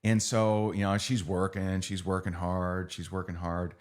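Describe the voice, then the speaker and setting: A man's voice: low voice, level tone, unhurried. A middle-aged man giving a motivational training talk. He speaks conversationally, repeats phrases and keeps asking his audience "right?".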